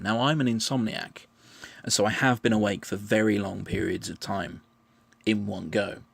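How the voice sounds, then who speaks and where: A man explaining his answers in a measured, patient monologue, often restarting his phrases. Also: lowish voice, vocal fry, dry recording. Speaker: vlogger answering questions.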